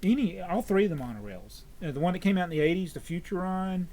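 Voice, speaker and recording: Chatty guy hosting, kinda high voice, loses his place and backtracks a lot. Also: lively intonation, quick pace, mellow. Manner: rambling, self-correcting, chatty collector. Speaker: host. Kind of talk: casual chat.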